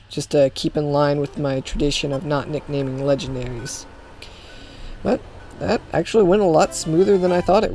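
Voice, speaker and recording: A man's voice: fairly high pitch, darkish tone. A man casually commenting on a video game he plays, making sarcastic jokes and reading text aloud. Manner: sarcastic, joking asides. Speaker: let's play host.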